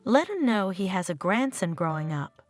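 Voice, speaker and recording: A woman's voice: medium pitch, big pitch swings, normal speed, close to an everyday voice. A woman voicing an earnest, pleading husband in a narrated story, over faint background music. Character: gentle pleading husband and father.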